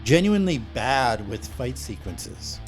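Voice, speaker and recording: A man co-hosting a movie review podcast, chatting in a joking, relaxed way with plenty of "uh"s. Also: mid-range voice, unhurried, faint music behind. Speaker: podcast co-host, film reviewer.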